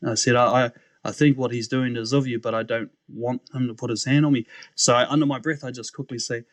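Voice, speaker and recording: A young man appears as a podcast guest, telling his story casually and with animation in a brisk, mid-range voice. He acts out quoted voices and laughs often, and there's no echo.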